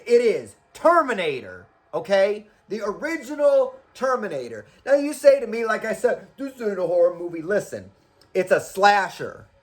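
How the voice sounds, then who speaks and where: A man reviewing horror movies in a casual, argumentative monologue, full of rhetorical questions and the odd curse. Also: a little high. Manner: animated, rhetorical questions, profane.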